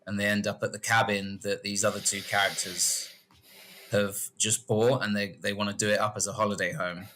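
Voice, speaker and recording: A man's voice: on the low side, fairly quick, slight background noise. A man co-hosting a casual podcast, rambling through film scenes and acting out the characters. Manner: rambling, animated retelling of film scenes with put-on character voices. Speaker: podcast co-host. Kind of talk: casual chat about films.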